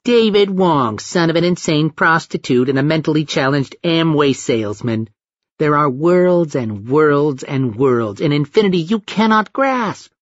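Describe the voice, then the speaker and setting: A man's voice: fairly high pitch, animated, unhurried, dry recording, dull audio. A man voicing a monstrous male alien god who speaks like a taunting toddler, crude and grandiose.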